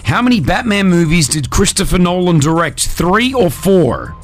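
A man's voice: sits high, very animated. Upbeat male radio host, music underneath. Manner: upbeat, joking, brisk quizmaster. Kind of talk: breakfast radio banter and quiz hosting. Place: radio studio.

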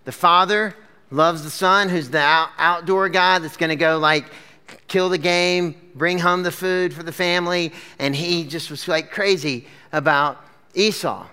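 Male pastor, casual sermon, fairly high voice, bright tone, animated storytelling. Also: a little slow, clean tone. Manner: chatty, lots of fillers like "like" and "okay?"; animated storyteller addressing a live crowd. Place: church gathering with a screen.

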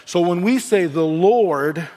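A male pastor preaching in an earnest, building way, with a somewhat high voice. His words ring out with a long reverb from the church hall around him. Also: animated, slow, darkish tone. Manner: earnest preaching with restarts and rising emphasis. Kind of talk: sermon.

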